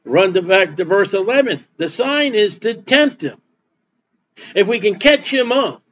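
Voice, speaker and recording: A man delivers a sermon in a folksy, plainspoken way, doubling back over his words as he reads scripture and explains it. His voice sits fairly high for a man. The recording is slightly dull, with a faint hiss underneath. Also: expressive, measured pace, a bit bright. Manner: folksy preaching with repeated words and Bible reading. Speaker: pastor.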